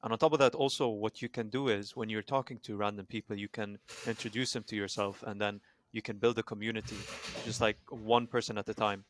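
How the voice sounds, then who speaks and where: Podcast co-host, man, low flat voice, steady and explanatory. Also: fast, few pauses, a little hiss or hum. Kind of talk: casual podcast chat.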